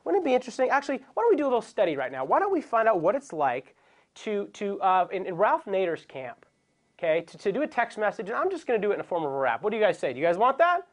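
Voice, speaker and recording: A man's voice: sits high, huge pitch swings, fast talker. A young man hosting a comedic web show, joking and rambling in a self-deprecating way. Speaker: host.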